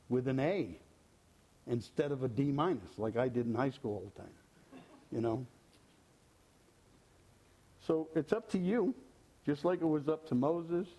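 A man's voice: medium pitch, dark tone, lo-fi sound. An older man giving an informal, folksy sermon, joking and repeating his phrases. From California. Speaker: lay preacher.

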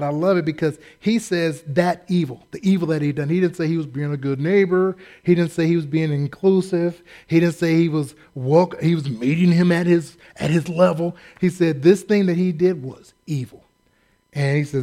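Folksy, animated high-voiced male preacher. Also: moderate pace. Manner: folksy, animated, acts out quotes. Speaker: pastor. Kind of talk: sermon.

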